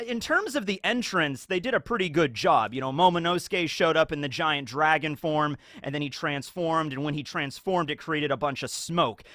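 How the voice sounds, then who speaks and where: A man hosting casual anime commentary in an animated, playful, jokey way. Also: a little high, no room sound, clean studio sound. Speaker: YouTube host.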